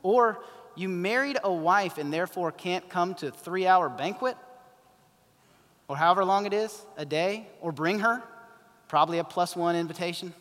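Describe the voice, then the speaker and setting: A man delivers a sermon in a chatty way, now and then acting out the people he quotes. His voice sits a little high for a man. A long hall reverb trails after each phrase. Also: moderate pace, a bit bright. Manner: conversational preaching, acting out voices in quoted asides. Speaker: pastor.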